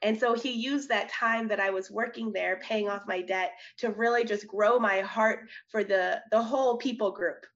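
A young woman, a missionary, telling her personal testimony in an interview, earnest and animated, often laughing and restarting her sentences. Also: mid-range voice, moderate pace, hardly any pauses. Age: young adult. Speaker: missionary guest. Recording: slightly dull audio.

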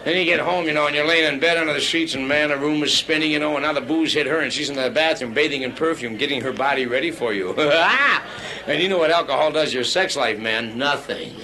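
A man's voice: a little high, quick pace, sharp tone, low-quality recording. A man doing a crude stand-up routine in a nightclub, rambling brashly and bantering with the crowd. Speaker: stand-up comedian. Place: nightclub before a live audience. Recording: live club recording with audience. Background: audience laughter.

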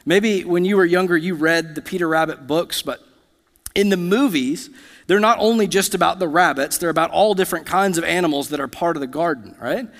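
Young pastor preaching in a reverberant church. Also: male voice, on the high side, fairly quick, a bit bright. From United States. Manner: conversational, storytelling with asides to the congregation. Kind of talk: sermon. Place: church sanctuary. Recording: long hall reverb.

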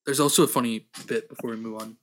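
A young man co-hosting a casual movie review chat, hesitant and quick to laugh. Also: medium pitch, steady tone, a bit bright, slight background noise. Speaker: movie review podcast co-host.

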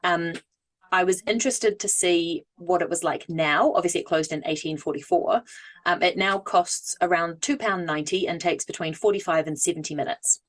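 A woman with a fairly low voice co-hosts a relaxed podcast chat. She reads out facts she has looked up, pausing on hesitant fillers as she goes. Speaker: podcast co-host.

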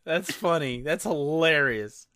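A man's voice: a little high, slow pace, sharp tone, no room sound, clean studio sound. Rambling male podcast host. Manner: rambling, with many fillers and laughs. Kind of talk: casual movie-review chat.

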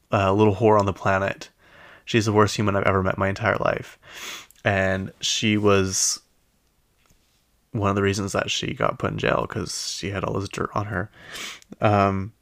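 A man's voice: fairly low pitch, vocal fry, a bit bright, no room sound. A young man hosting a casual, gossipy podcast chat, talking loosely with lots of fillers. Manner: chatty, gossipy, many fillers. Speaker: podcast host. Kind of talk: casual chat recapping reality TV.

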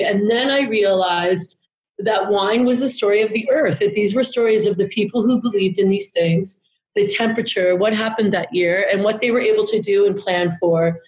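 A woman tells a long story in a loose, rambling way, cursing without a second thought. Her voice sits at an ordinary middle pitch. The recording has a roomy echo around it. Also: a little mellow. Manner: candid, rambling, swears freely. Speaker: podcast guest. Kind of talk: casual storytelling chat.

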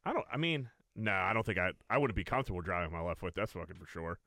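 A man's voice: sits low, expressive, fast talker, sharp tone, no room sound, studio quality. A man co-hosting a casual podcast, telling stories full of swearing and laughs. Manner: profane, laughing storyteller. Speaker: podcast co-host.

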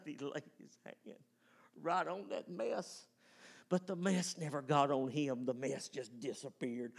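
A man preaching a fervent, emphatic sermon, swinging from loud whoops to hushed tones. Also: medium pitch, lively intonation, measured pace, gravelly, husky. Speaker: pastor.

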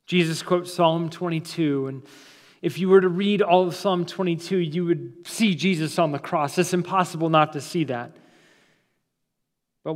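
A man, a pastor, preaching a sermon with dramatic pauses, slowing down and dropping soft for emphasis, in a church sanctuary. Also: high voice, in a large hall. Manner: dramatic preaching, slows and drops to near-silence for emphasis.

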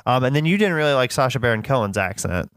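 A podcast co-host chats casually about a film, rambling with lots of fillers. His mid-range voice is lively, fast and fairly bright, captured in a clean studio with no room sound.

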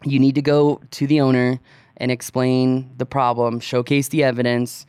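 A man co-hosting a podcast, talking through advice in a blunt, animated way. His voice sits in an ordinary middle range. The recording is dry and close. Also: medium pitch, normal speed, clean tone, dry recording. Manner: animated, plain-spoken, gives blunt advice. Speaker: podcast co-host. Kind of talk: casual advice chat.

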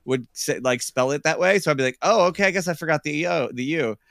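A man with a bright, lively tone tells a meandering story on a comedy podcast, full of fillers and quick laughs. His voice sits a little high for a man. The sound is close and dry, with no room around it. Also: gravelly, dry recording. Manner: rambling, laughs often, trails off with fillers. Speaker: podcast co-host. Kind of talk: casual comedic chat.

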